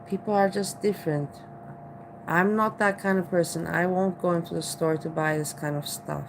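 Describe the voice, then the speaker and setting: An Austrian-accented woman chats in a loose, rambling way, circling back and repeating herself as she talks. Her voice sits a little low, and there is a faint hiss under the recording. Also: steady tone, moderate pace. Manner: rambling, with many restarts and repeated "you know". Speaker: vlogger. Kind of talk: casual chat.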